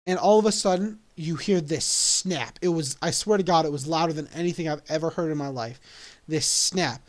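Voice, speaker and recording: A young man telling a story casually, animated and laughing along at his own story. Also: fairly high pitch, normal speed. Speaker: vlogger.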